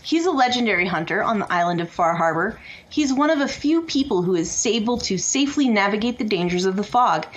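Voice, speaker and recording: A woman's voice: medium pitch, lively intonation, fairly quick, husky, highs cut off. A woman co-hosting a podcast in casual chat, laughing often and reading out comments from the chat. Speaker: podcast co-host.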